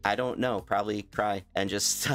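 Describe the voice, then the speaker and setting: Low-voiced rambling young man vlogger. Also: steady tone, moderate pace, a bit bright, soft background music. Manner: rambling, stuttering, laughing, self-deprecating. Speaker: YouTuber reacting to a clip. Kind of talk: casual reaction vlog.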